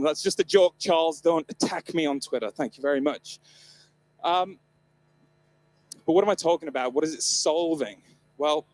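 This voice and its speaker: Onstage at a live event, a man from the north of England delivers a comedic keynote, irreverent and joking while swearing freely. He's a conference presenter with a slightly high, a little mellow voice.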